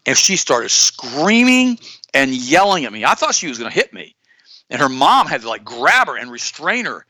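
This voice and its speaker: A man hosting a talk radio show, telling stories and commenting on the news to his co-host in an animated, repetitive way. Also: medium pitch, normal speed, dry recording. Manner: storytelling, animated, repeats himself; addresses co-host directly.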